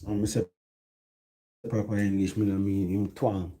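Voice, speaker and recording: Dark-voiced Jamaican man, rambling chat. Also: lowish voice, little pitch movement, moderate pace, slight background noise, low-quality recording. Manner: rambling, mixes patois with English. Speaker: music commentator. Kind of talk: casual chat.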